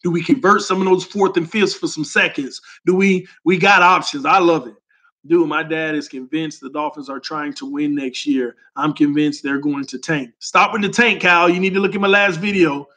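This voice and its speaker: A young man, hosting a casual sports fan talk and reading comments in an animated, emphatic, slangy way. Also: fairly high pitch, normal speed. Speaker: sports fan channel host.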